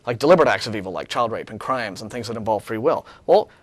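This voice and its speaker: A man co-hosting a studio talk show, talking in a sarcastic, animated way, with many restarts. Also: on the low side, fast talker, no room sound. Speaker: co-host. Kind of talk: casual studio discussion.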